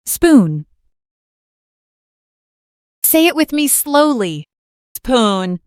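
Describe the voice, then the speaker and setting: A woman leads a beginner English lesson in a raised, slightly high voice. She speaks very slowly and clearly, repeating each word for listeners to copy. The sound is dry and close, with no room echo. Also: expressive. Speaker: English teacher.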